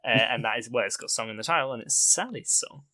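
A man's voice: mid-range voice, quick pace, sharp tone, dry recording. A man hosting a casual film podcast, chatty and giggly, often laughing as he talks. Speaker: podcast host.

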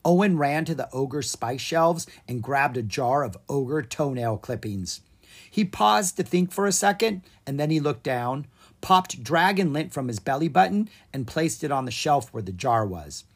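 A narrator reading a children's storybook aloud in an expressive, playful way. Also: mid-range voice, measured pace, husky.

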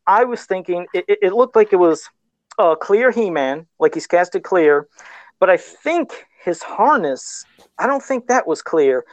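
A man's voice: high voice, expressive, unhurried, no room sound, rough recording. A man talking casually on a livestream about his first sculpted custom figure, self-deprecating and laughing often. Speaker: guest toy sculptor.

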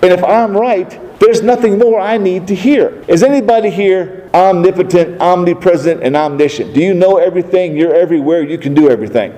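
A pastor preaching a sermon in a church hall, emphatic and full of rhetorical questions to the congregation. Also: male voice, high-pitched, a little fast, hardly any pauses, warm tone. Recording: long reverb of a large hall.

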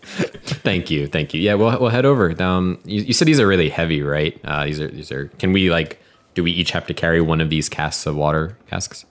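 A man's voice: deep voice, moderate pace. A man playing his character in a tabletop game, breezy and salesy, laughing often. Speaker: player.

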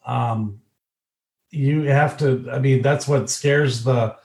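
A man with a mid-pitched voice answers questions slowly on a casual podcast, pausing and restarting often. The recording has a noticeable room echo. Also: fairly even intonation, darkish tone. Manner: halting, hesitant answers. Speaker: podcast co-host. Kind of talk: casual chat.

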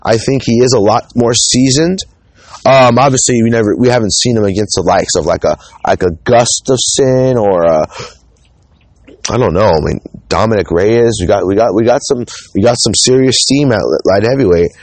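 A man's voice: lowish voice, normal speed, no echo. A man hosting a solo podcast, talking casually and rambling, with frequent restarts and the odd swear word. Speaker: podcast host.

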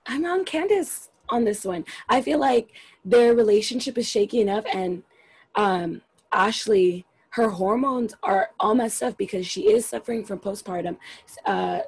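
A woman's voice: mid-range voice, measured pace, creaky, slightly rough. A woman in casual chat about a reality show, blunt, opinionated and swearing freely.

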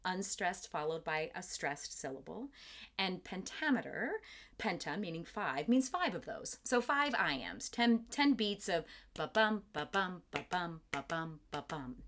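A woman's voice: medium pitch, sing-song, takes it slowly. A middle-aged woman theatre director in an interview, explaining terms thoughtfully and carefully, with plain enthusiasm for the craft. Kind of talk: interview conversation.

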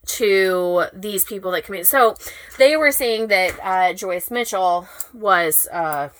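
A woman's voice: mid-range voice, slow, poor audio. A woman co-hosting a casual chat podcast, rambling, swearing casually and tripping over words. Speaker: podcast co-host.

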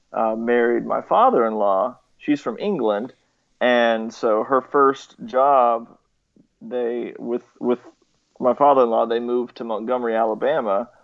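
Young guy, gravelly voice, lots of ums and restarts, kinda muffled recording. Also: medium pitch. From southeastern United States. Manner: hesitant, many fillers and restarts, chuckles often. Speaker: interviewee, nurse. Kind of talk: casual chat.

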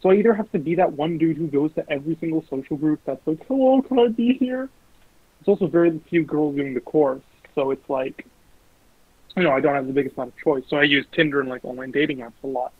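A young man casually telling animated, sweary stories about his dating life. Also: on the high side, fast, no room sound. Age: young adult. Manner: animated, swearing, mimics voices in quotes. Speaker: guest. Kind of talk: casual storytelling. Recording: lo-fi phone-like recording.

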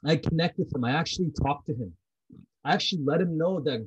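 A man's voice: on the high side, animated, a little fast, slightly rough, lo-fi sound. A man talking about prayer in a heartfelt, personal way. He is intense and blunt, repeats himself, and swears freely.

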